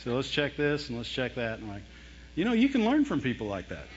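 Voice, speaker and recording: A man preaching a lively sermon, mimicking whining voices and laughing often as he talks. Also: mid-range voice, fast, in a large hall, slight background noise. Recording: dull lo-fi sound.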